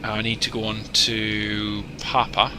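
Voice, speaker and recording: A man's voice: on the low side, monotone, takes it slowly, background noise. A man casually chatting while streaming a flight simulator, joking and greeting viewers by name. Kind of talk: casual livestream commentary.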